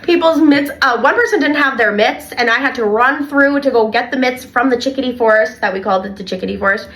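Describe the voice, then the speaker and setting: A young adult woman, co-hosting a casual podcast and telling animated stories from her childcare work with lots of "like". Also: a little high, quick pace. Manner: animated storyteller, heavy filler "like". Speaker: podcast co-host and childcare worker.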